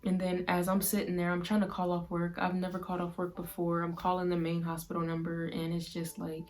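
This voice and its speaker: A woman vlogger retelling a painful personal story to the camera in a soft, halting way, full of "like". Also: on the low side, completely flat delivery, faint music behind.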